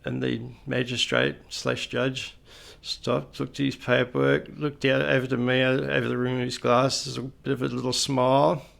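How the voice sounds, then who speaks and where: A man's voice: medium pitch, little pitch movement, moderate pace, creaky, hardly any pauses, a bit bright. A middle-aged Australian man telling anecdotes in a casual, conversational way with folksy asides. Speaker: retired police officer storyteller.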